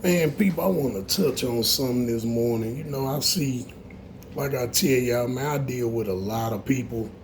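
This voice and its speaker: A man's voice: medium pitch, moderate pace, a little hiss or hum. A man, an auto shop owner, giving a blunt, profane morning talk to camera that grows heated.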